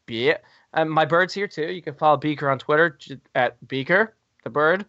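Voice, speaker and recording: A man's voice: fairly high pitch, moderate pace, sharp tone, no room sound. A man hosting a podcast in casual chat, rambling and jokey with lots of fillers. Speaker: podcast host. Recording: dry, dull lo-fi recording.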